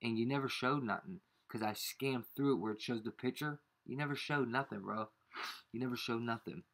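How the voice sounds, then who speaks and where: A man's voice: mid-range voice, brisk, a bit bright. A man in an angry, confrontational rant, full of slang and repeated insults, showing proof on his screen. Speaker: YouTuber.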